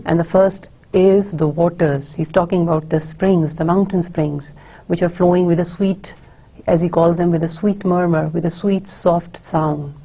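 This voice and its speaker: Gravelly low-voiced woman lecturer. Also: fairly even intonation, warm tone. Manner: measured explanatory delivery with frequent fillers. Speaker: literature lecturer. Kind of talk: recorded university lecture. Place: recording for an online course.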